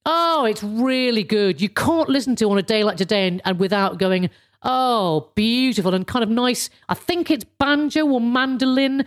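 A woman's voice: fairly high pitch, lively intonation, moderate pace, hardly any pauses. A woman in her fifties hosting a casual solo podcast, chatty and rambling, with lots of restarts and swearing. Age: 50s. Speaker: podcast host.

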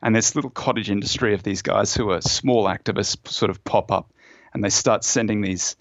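A lowish-voiced man talks at normal speed in a muffled recording without echo. As an author and fund manager interviewed on a podcast, he gives lengthy conversational explanations and stories, peppered with fillers and restarts.

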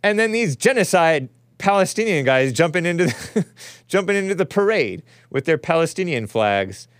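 A man's voice: a little high, sing-song, normal speed, dry recording, clean studio sound. A male host giving rambling, wry live-stream commentary on footage, often chuckling to himself.

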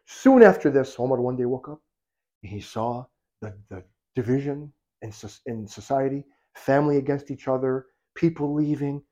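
A man preaching in a storytelling sermon, acting out the people in the story and swinging from loud to hushed. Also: medium pitch, moderate pace, highs cut off. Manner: animated, acts out quoted voices, swings from loud to hushed.

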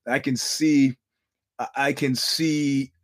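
A middle-aged man talks through his podcast in a loose, rambling monologue. He swears freely and often circles back to restart his sentences. His voice sits at a plain, medium pitch. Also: steady tone, slow. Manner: rambling storyteller, profane, many restarts. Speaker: podcast host. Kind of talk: casual monologue.

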